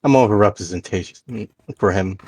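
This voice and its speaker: Man, tabletop player, hesitant, low voice, dry sound. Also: fairly quick, a little mellow, breathy edge, no echo. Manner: hesitant, many ums and uhs. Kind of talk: casual game chat.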